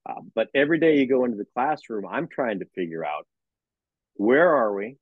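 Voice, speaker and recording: A man who teaches sports management talks as an interview guest, acting out conversations with his students. His voice is husky and a bit breathy. The sound is dry and somewhat muffled. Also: mid-range voice, brisk, no room sound. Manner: animated storyteller who acts out dialogues with students. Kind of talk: casual interview talk.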